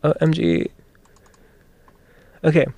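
A man's voice: on the high side, level tone, slow pace, gravelly, dark tone, no echo. A young man filling in as a college radio host, out of breath, chatty and rambling, laughing often. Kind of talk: casual radio chat. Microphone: studio microphone with headphones.

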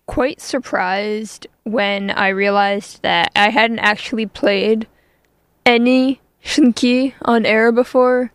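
A woman radio host talks casually between songs, rambling and poking fun at herself. Her voice sits a little high, and she takes her time with the words. The sound is close and dry. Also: steady tone, slow, clean tone, no room sound. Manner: chatty, self-deprecating, with frequent fillers. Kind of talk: casual on-air chat introducing songs.

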